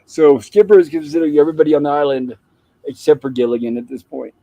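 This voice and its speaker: A man with a mellow, darkish voice hosts a casual talk show, walking listeners through an old sitcom episode in a chatty storyteller's way. The sound is dry and close, with no room around him. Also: a little high, fast talker, no room sound, rough recording. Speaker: show host.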